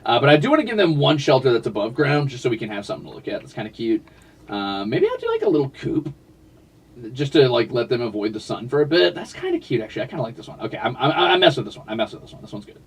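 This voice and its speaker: Husky guy rambling on stream, pitch jumping all over, chatting with chat. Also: huge pitch swings, fast, recorded from a distance. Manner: rambling, chatty, talks to his cats and chat. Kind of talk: casual livestream chat while playing.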